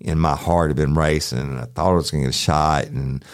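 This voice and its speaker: Man, former deputy, folksy profane storyteller; deep voice, dry studio sound. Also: fairly even intonation, fairly quick, no echo. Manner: casual, profane, folksy, addresses listeners as y'all. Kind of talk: true crime storytelling podcast.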